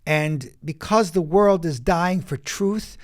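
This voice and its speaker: A man, an acting coach, speaking as a podcast guest and telling stories in an emphatic, animated way, with quick bursts and restarts. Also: on the high side. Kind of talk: animated interview storytelling.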